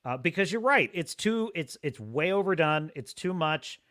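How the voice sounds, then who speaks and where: Bright-voiced man ranting on a live stream. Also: a little high, moderate pace. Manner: animated, ranting, laughs often, mocks pronunciations. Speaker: host. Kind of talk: casual live-stream chat, reading viewer comments.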